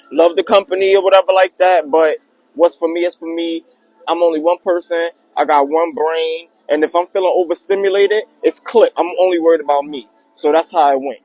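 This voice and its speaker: Young man, higher voice, casual slangy storyteller, vlog style. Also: poor audio. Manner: slangy, animated retelling with acted quotes. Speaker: vlogger telling a personal story.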